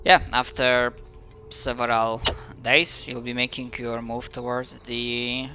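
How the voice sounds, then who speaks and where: Slow, bright-voiced man narrating a game. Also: mid-range voice, fairly even intonation. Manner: slow, hesitant narration with many fillers. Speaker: game master.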